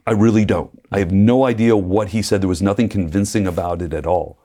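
A man, a preacher and guest, telling his faith story in a lively way, acting out quotes and laughing often. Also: fairly low pitch, brisk. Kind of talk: personal testimony in conversation.

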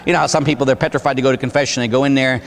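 A man's voice: medium pitch, steady tone, very fast. A man from Pittsburgh, a Catholic priest preaching a sermon in a church, storytelling with fervor and tagging his points with a rhetorical "huh?". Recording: long church reverb.

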